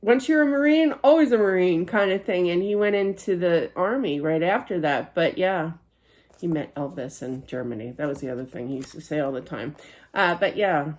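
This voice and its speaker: A woman's voice: fairly low pitch, normal speed, darkish tone. A middle-aged woman giving a psychic reading, chatty, with many fillers and frequent laughter. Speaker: psychic medium. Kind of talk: spiritual reading monologue.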